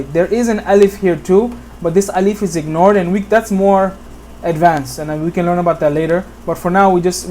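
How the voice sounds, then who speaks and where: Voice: mid-range voice, darkish tone, slight background noise. Patient teacher who keeps checking in. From Bangladesh. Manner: patient, checks in with "okay?" often, repeats examples. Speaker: Quran recitation teacher. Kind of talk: whiteboard tutorial.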